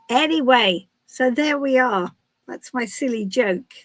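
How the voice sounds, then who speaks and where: A woman's voice: high-pitched, lively intonation, measured pace, no room sound. A British woman hosting a live tarot stream, chatting casually in a rambling, giggly way. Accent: British English. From Britain.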